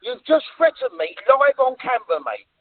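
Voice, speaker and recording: A man's voice: extremely high pitch, very animated, normal speed. An English man at his home, firmly telling off an angry visitor and swearing back. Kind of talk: heated doorstep argument. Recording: tinny phone-like audio.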